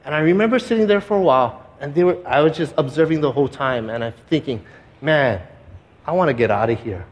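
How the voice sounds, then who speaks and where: A pastor telling a personal story in a sermon, earnest and conversational, with many fillers and restarts, dropping quiet and slow at heavy moments. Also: male voice, a little high, animated, lo-fi sound.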